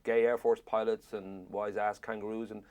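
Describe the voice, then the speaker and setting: A man's voice: fairly low pitch, level tone, moderate pace, darkish tone. An Irish man interviewing an actor, asking long rambling questions with jokes. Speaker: film interviewer.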